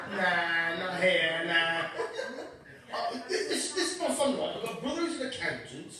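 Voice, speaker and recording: A man's voice: sits high, huge pitch swings, slow. A young man doing a stand-up comedy set, cheeky and sweary while he works the crowd. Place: comedy club stage with audience. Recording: echoey club from a distance.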